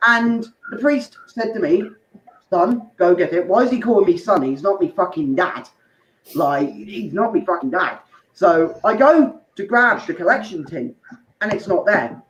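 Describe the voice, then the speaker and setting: With a fairly bright, high-sitting voice full of big pitch swings, this stand-up comedian works through an open mic set at normal speed. He rambles through crude stories and talks to the crowd on the side, all captured in an echoey room with dull, muffled sound and a little noise.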